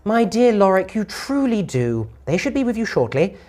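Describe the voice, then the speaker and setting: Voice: mid-range voice, big pitch swings, normal speed, darkish tone, voice pushed up, lightly acted. A game master voicing a commanding female sorceress who speaks in a muffled, condescending way, as if heard through thick glass. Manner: silky, condescending.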